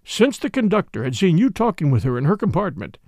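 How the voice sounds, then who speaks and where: A man's voice: sits high, very animated, a little fast, darkish tone, no room sound, clean studio sound, heavily acted. A man reading an audiobook voices a pompous, self-important French police commissary who speaks formally. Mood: grave.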